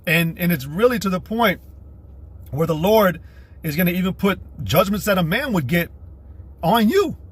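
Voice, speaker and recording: A man's voice: high voice, animated, normal speed, pauses often, slightly rough. A man preaching a profane, combative livestream sermon, repeating himself and mocking women in put-on voices. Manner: mocks women in a mimicking voice. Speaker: street preacher.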